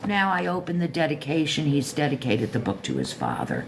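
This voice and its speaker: An older woman from Florida with a low, deep voice, hosting her own show and chatting casually about a book, self-joking and talking straight to listeners. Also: huge pitch swings, brisk, vocal fry, few pauses, background noise. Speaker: show host reviewing a book. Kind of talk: casual rambling monologue.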